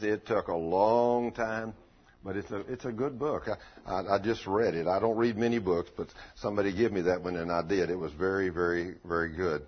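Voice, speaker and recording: A man's voice: fairly low pitch, slightly rough. A man preacher giving a folksy sermon, telling stories and asking rhetorical questions. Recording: lo-fi dull recording.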